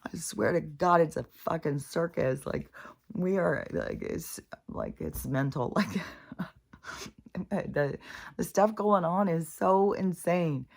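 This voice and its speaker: Low-voiced swearing spiritual vlogger woman. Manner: animated, swears freely, acts out quoted voices. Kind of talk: casual rambling monologue.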